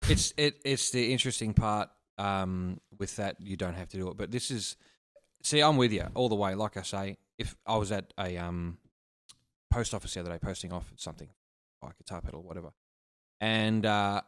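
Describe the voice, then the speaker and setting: A man's voice: fairly low pitch, moderate pace, smooth. A man, co-hosting a casual podcast and telling stories with acted-out quotes and lots of swearing. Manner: animated storyteller, acts out quotes, swears. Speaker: podcast co-host. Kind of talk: casual chat, storytelling.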